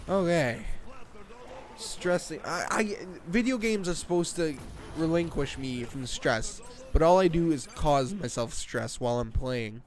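A young man in his late teens doing rambling, jokey gameplay commentary from his bedroom, excitable and prone to sudden screams. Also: fairly high pitch, a little slow. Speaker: gaming channel host. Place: own bedroom.

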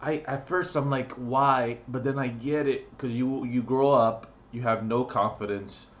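A man's voice: mid-range voice, fairly even intonation, measured pace, highs cut off. A man ranting on his vlog, crude and profane, blunt and mocking. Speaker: vlogger.

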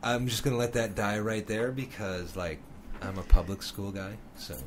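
A man's voice: fairly low pitch, moderate pace, slight background noise. Teasing male podcast host. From northern Minnesota, USA. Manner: jokey, teasing. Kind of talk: casual interview chat.

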